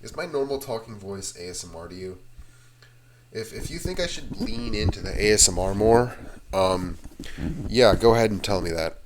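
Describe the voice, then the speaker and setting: A man with a deep, low-pitched voice rambles casually to his viewers. He drifts from one loose tangent to the next in an easygoing way. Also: lively intonation, moderate pace, background noise. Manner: meandering, drifts between tangents. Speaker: channel host. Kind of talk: casual rambling rant to camera.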